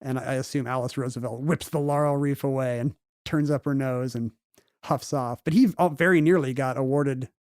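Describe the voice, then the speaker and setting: A man's voice: mid-range voice, fairly even intonation, brisk, a little mellow, dry recording, studio quality. A man co-hosting a podcast, joking and laughing often as he playfully retells history in casual chat. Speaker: podcast co-host.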